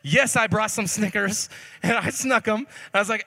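A young man preaching a sermon through a funny story, animated and jokey, swinging between loud and hushed. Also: high voice, normal speed. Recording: long reverb of a hall.

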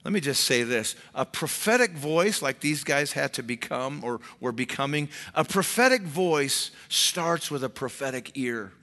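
A pastor preaching to his congregation, his bright, forceful voice carried by the long reverb of a large church hall. He preaches with animation and drops his voice low for emphasis. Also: animated, measured pace, hardly any pauses. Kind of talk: sermon.

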